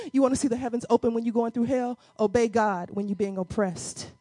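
High-voiced woman preaching with fervor. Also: normal speed, no echo. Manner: swings from quiet teaching to shouted, crying exhortation; colloquial, addresses congregation as y'all. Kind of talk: sermon.

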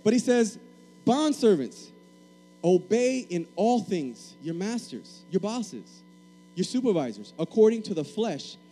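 A man from Puerto Rico preaches with emphasis, his high voice pressing key phrases again and again. His tone is mellow and dark. A faint mains hum runs underneath. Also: poor audio. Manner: emphatic, repeats key phrases, asks the congregation to respond. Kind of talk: sermon.

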